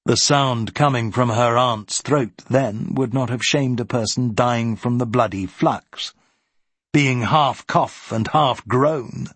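Husky-voiced male audiobook narrator. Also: mid-range voice, takes it slowly, a bit bright, no room sound.

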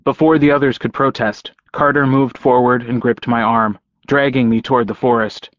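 A man reading a first-person novel aloud in a wry, deadpan way. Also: mid-range voice, moderate pace, no room sound, dull audio. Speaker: audiobook narrator. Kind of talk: first-person audiobook narration.

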